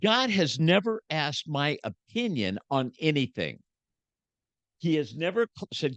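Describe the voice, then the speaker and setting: A man's voice: fairly high pitch, big pitch swings, a little slow, dry recording, muffled recording. A man in his seventies, a guest preacher, speaking with emphatic, sermon-like passion in a podcast conversation. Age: 70s. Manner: emphatic, preachy, swings loud to soft.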